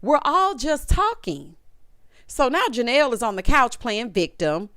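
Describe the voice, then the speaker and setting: A woman with a fairly high, sing-song voice speaks a little slowly, her tone fairly bright and the studio-quality recording free of echo. She hosts a reality TV recap in a casual, blunt, sassy way, scolding the cast and calling viewers honey and baby.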